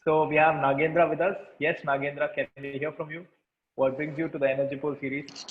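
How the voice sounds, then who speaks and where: A man with a slightly raised voice leads a webinar, greeting guests and then guiding a slow, repetitive visualization. The sound comes through a thin, phone-like video call line. There is a roomy echo around his voice. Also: on the high side. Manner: calm, repetitive instructions. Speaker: webinar facilitator. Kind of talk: guided energy exercise and group chat. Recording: tinny call audio with room echo.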